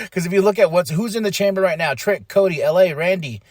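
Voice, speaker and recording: A man with a high voice hosts a podcast, recapping with animated excitement and bursts of hype. The sound is dry and close, with no room around him. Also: a little fast, dry recording. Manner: excited, animated storytelling with hype shouts and laughs. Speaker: podcast host. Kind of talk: casual wrestling recap.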